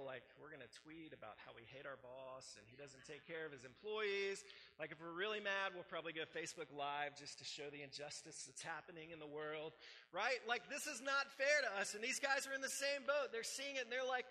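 A man's voice: on the high side, expressive, fairly quick, sharp tone, long reverb tail, low-quality recording. A man preaching a sermon as pastor, emphatic and repetitive, mixing scripture reading with casual conversational asides.

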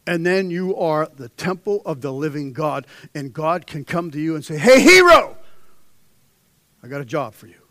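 A man's voice: a little high, brisk, hardly any pauses, dry recording. Fervent young man preaching a sermon. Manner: swings between hushed intensity and loud, rising exhortation.

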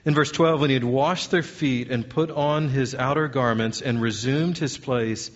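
A man's voice: medium pitch, normal speed, muffled recording. A man preaching as a pastor, earnest, putting question after question to his congregation. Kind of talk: sermon.

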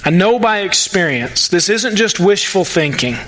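A male pastor delivers a conversational sermon in church. His voice sits high and sounds bright and forward. He keeps dropping into quick, lively imitations of someone praying. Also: slight background noise, rough recording. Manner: conversational preaching, acts out prayers in quick asides.

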